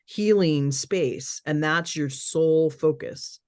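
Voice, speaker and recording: A woman's voice: low-pitched, takes it slowly, a little mellow, no room sound. Empathetic woman podcast host, dry sound. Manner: empathetic, summarizing the guest's words. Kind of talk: conversational interview.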